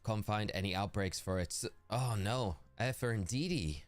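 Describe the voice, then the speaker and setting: A man's voice: fairly low pitch, moderate pace, no room sound, faint music behind. A young man streaming a game, chatting casually and in a friendly way with viewers and calling them "mate". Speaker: gaming streamer. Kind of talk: casual live-stream chat.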